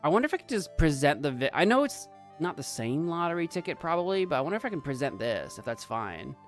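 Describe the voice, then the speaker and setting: Animated man streaming a game. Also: fairly high pitch, quick pace, soft background music. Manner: playful, animated, talks to chat. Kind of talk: let's play commentary.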